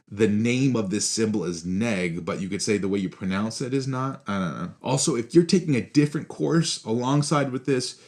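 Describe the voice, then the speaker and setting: A man with a fairly low voice walks students through formal logic in an easygoing, chatty lecture. He keeps checking in with "right?" and slows down whenever he spells out a symbol. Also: a little mellow. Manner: conversational, frequent "right?" checks. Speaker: philosophy instructor. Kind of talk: casual recorded logic lecture.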